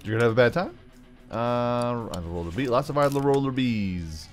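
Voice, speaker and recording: A man's voice: medium pitch, lively intonation, normal speed, faint music behind. A man giving casual, rambling commentary over a game, full of playful asides. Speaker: gaming YouTuber.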